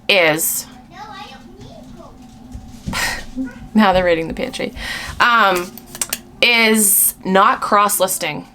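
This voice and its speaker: A woman's voice: mid-range voice, pushed and bright, slight background noise. A young woman from the United States answering viewer questions in a casual, rambling chat, often breaking off and laughing at herself. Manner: chatty and rambling, with frequent laughs and self-interruptions.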